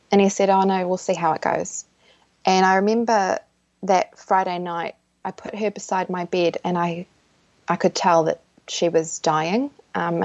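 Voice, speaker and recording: A woman's voice: on the low side, a little mellow, no room sound. Earnest woman guest, dull lo-fi sound. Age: adult. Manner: earnest, halting, with frequent restarts. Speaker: podcast guest. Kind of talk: personal storytelling in an interview.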